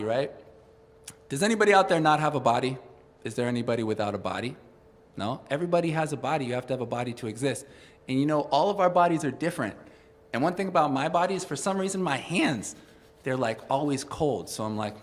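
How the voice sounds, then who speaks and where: A man hosting an interactive children's music session at home, gently encouraging the kids to move along. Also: medium pitch, a little fast, long reverb tail. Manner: upbeat, gentle, encouraging, addresses kids directly. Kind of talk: interactive kids' music session, talking and singing. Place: indoors, streamed at home.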